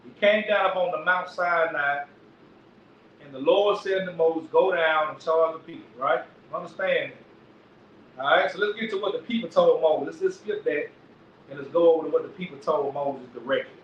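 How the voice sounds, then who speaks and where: A man gives a street-preaching Bible lesson in an emphatic style, repeating lines and often asking his listeners "right?" His voice is a little high and moves at normal speed. The recording is echoey, distant and dull, lo-fi with faint noise.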